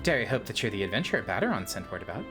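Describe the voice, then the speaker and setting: A woman's voice: rumbling low, very animated, racing, over music. A woman voicing a courteous fantasy innkeeper woman, reading her lines aloud and tripping over a word now and then.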